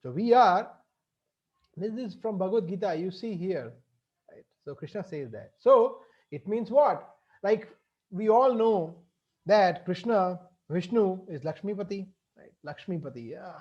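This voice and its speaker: A man's voice: high voice, lively intonation, unhurried, a little mellow, highs cut off. A man gives a devotional lecture, explaining with everyday examples and frequently checking in with "right?". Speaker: spiritual teacher.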